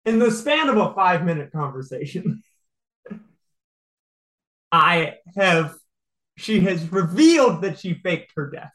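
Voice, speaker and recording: Slow, lively storyteller, laughs a lot, kinda echoey room. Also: medium pitch. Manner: animated storytelling, laughs often. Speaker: guest telling a personal story. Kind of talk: casual podcast chat.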